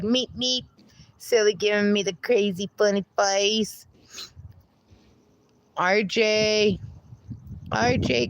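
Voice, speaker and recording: A woman's voice: mid-range voice, fairly bright tone, dry recording. A woman hosting a casual livestream, reading viewer comments aloud, playful and laughing often. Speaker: livestream host reading chat.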